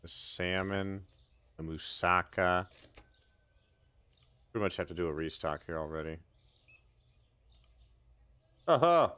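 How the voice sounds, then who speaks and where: A man with a low voice talks loosely through his gameplay on a live stream, reacting to the game and chatting with his viewers. He slips into dry, sarcastic asides. The sound is close and dry, with no room around it. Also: animated, unhurried, pushed and bright, clean tone, dry recording. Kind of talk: casual live gameplay commentary.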